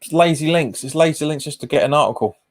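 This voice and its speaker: A man's voice: on the high side, fast. A man streaming a live football watch-along, calling passes and chatting casually with viewers, often repeating himself. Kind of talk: live match commentary and chat reading.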